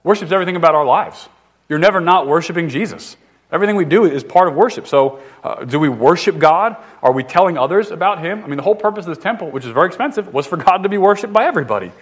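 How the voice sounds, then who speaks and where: Fast-talking man preaching a casual sermon. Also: a little high, animated, slightly rough. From northern United States. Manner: fast-talking, conversational, jokey, with frequent restarts. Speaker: pastor.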